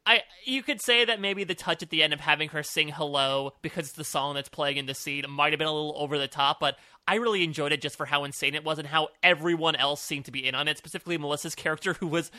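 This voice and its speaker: Bright-voiced male podcast co-host. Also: a little high, quick pace, hardly any pauses, dry recording. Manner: animated, upbeat, laughs often. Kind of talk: casual review chat.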